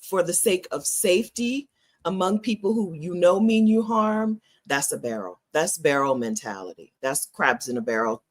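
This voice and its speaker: A middle-aged American woman vlogging in a casual, opinionated way, emphatic and laughing often. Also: lowish voice. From United States. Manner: animated, emphatic, laughs often, repeats phrases.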